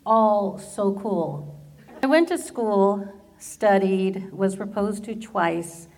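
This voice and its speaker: An American woman in her fifties tells her faith story with plenty of humor, her voice breaking into laughter as she goes. She has a middle-pitched voice and the easy warmth of a personal testimony. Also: expressive, slow pace. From Southern California, USA. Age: 50s. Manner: humorous storyteller who laughs often through her stories. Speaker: speaker giving her testimony.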